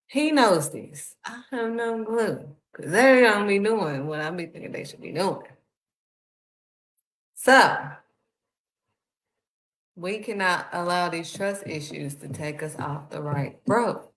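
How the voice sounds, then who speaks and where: A woman's voice: on the low side, slow, pauses often, fairly bright tone. A woman, preaching a sermon in a heartfelt, conversational way. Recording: echoey room.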